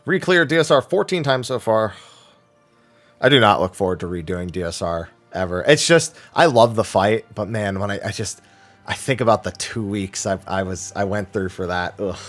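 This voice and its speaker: A man hosting a weekly viewer Q&A, reading questions aloud and thinking them through in a casual, animated way. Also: fairly low pitch, normal speed, soft background music. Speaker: streamer answering viewer questions.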